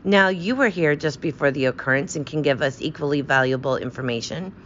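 A woman voicing a precise, polite foreign male detective who questions in a measured, courteous way. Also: low voice, a bit bright, dull audio, slight background noise. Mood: coaxing.

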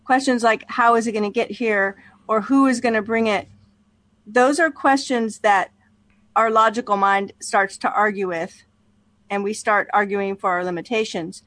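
A woman co-hosting a casual talk show, reading a book aloud in a measured, thoughtful way. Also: medium pitch, steady tone, fairly bright tone, dry recording. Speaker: podcast co-host.

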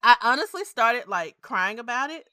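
Woman podcast host, high bright voice, swings all over, laughs a lot. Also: normal speed, dry recording, studio quality. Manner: animated, laughs often, emotional. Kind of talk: casual chat.

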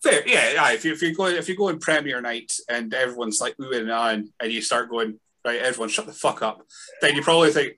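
Man, bright tone, halting casual talker. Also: medium pitch. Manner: halting, many restarts. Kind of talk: casual chat.

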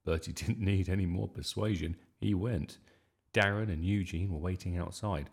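A man reading a children's story aloud in a lively, expressive way. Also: low voice, normal speed, vocal fry, husky. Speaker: storybook reader.

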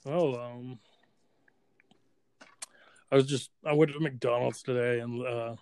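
Gravelly guy cohosting a podcast, swears a lot, dry close sound. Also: mid-range voice, steady tone, slow pace, a little mellow, no echo. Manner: crude, profane banter. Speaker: podcast co-host. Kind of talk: casual chat.

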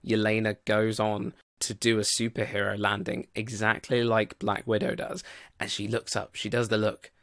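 A man's voice: lowish voice, little pitch movement, moderate pace, a bit bright, dry recording. A man giving a casual spoken film review, rambling and loose with plenty of "like" and "you know".

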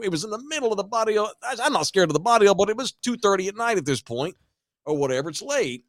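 A man hosting a podcast, telling a story in a profane, animated way and acting out every line of dialogue. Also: high voice, quick pace, dry recording, clean studio sound. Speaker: podcast host. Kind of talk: storytelling chat.

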